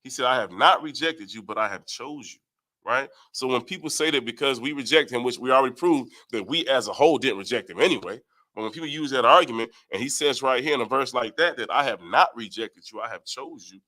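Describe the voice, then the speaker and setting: A man's voice: mid-range voice, fairly quick, pushed and bright. A man leading a Bible study, reading verses aloud and explaining them, often asking "right?". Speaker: Bible teacher. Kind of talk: scripture study talk.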